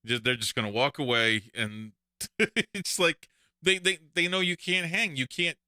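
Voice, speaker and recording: Bright-voiced joking Texan man host. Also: on the high side, steady tone, moderate pace, smooth, dry recording, studio quality. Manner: storytelling, jokey, laughs often. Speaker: show host. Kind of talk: live call-in stream chat.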